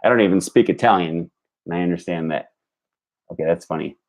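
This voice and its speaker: A man's voice: sits low, a little fast. A young man live-streaming himself learning a language, repeating phrases aloud and thinking through how the sounds work. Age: young adult.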